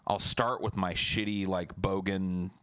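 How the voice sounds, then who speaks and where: Deep-voiced man rambling casually on stream. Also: level tone, unhurried, a bit bright, clean tone, no room sound. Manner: loose, profane and rambling, with many restarts. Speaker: live streamer. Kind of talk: casual late-night stream chat.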